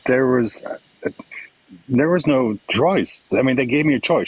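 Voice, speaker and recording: Husky, blunt-spoken man. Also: mid-range voice, expressive, a little slow, poor audio. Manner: wry, blunt storytelling with quoted dialogue. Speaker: panel participant. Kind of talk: casual group discussion.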